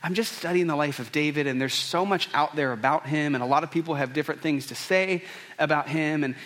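A man's voice: on the high side, fairly quick, a bit bright. A man preaching a conversational, earnest sermon, often restarting his sentences. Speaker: pastor.

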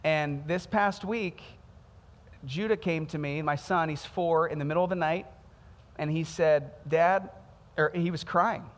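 A man in his thirties, a pastor preaching a sermon in a conversational, storytelling way with animated quoted voices. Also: on the high side, a little slow. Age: 30s. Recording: music underneath, long hall reverb.

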